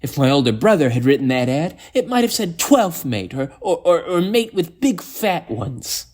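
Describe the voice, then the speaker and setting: A man's voice: a little high, big pitch swings, normal speed, darkish tone, voice pushed up. A man voicing an earnest, easily offended young woman who answers in a defensive, prim way, in an audio story.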